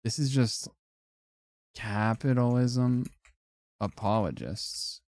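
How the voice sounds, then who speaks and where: A man's voice: medium pitch, slow, darkish tone, no room sound, studio quality. A young man streaming casual commentary, reacting offhand and wryly to phrases he ranks, with frequent swearing and laughter.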